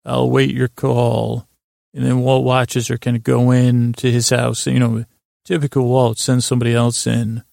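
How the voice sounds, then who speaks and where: Speaking at a moderate pace with medium pitch and vocal fry, a male podcast host rambles through a TV episode recap, delivering character quotes flatly. It's a dry, clean studio recording.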